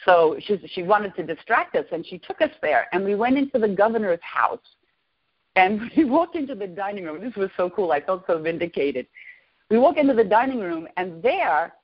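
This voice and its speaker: A woman in her sixties, a podcast guest, excitedly and emotionally telling a personal story. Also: medium pitch, moderate pace. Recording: lo-fi podcast audio.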